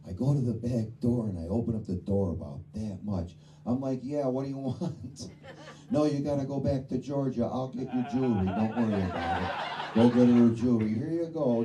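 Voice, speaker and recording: Older guy doing dirty stand-up, swearing a lot, far from the mic, echoey noisy bar. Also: on the low side. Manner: crude, profane and loud, with acted-out punchlines. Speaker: stand-up comedian. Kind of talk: stand-up comedy set. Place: tavern showroom, live audience.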